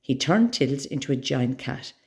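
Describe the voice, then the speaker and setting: A woman reading a children's story aloud with expressive, dramatic storytelling. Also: very deep voice, normal speed, creaky.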